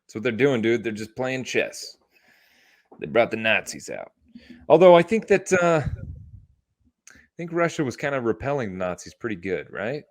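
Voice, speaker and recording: A man co-hosting a podcast, trading deadpan quips and quick asides in casual banter. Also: medium pitch, dry recording, clean studio sound. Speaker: podcast co-host.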